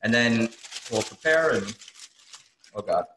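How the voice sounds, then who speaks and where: A man's voice: medium pitch, lively intonation, slow, fairly bright tone, roomy sound, a little hiss or hum. A man on a gaming podcast, groaning and joking through a spicy chip challenge. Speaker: podcast host. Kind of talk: casual group chat.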